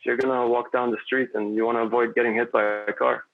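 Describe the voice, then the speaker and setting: Male podcast guest, mid pitch, rambling and reflective, gravelly, heard through a narrow phone-like line. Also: little pitch movement, fast. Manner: rambling, philosophical, with many fillers and restarts. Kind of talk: casual conversation.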